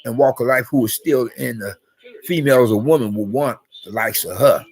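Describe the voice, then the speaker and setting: Guy rambling on his vlog, mid pitch, lots of restarts and cussing, worked up. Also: a little fast, darkish tone, husky. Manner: rambling and repetitive, with many restarts and fillers; emotional and profane. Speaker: vlogger. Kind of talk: rambling casual vlog monologue.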